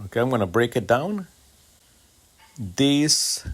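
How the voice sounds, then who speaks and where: A man from Mexico giving a language lesson, with slow and deliberate delivery and a rising lilt on the example phrases. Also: mid-range voice, expressive. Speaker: Spanish teacher.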